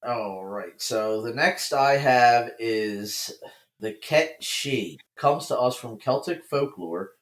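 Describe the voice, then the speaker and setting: A man guesting on a chatty podcast, recounting folk legends with an even, storytelling delivery. His voice carries a noticeable echo from the room around him. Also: medium pitch, slow pace. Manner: reads folklore facts in an even storytelling way. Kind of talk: casual podcast chat.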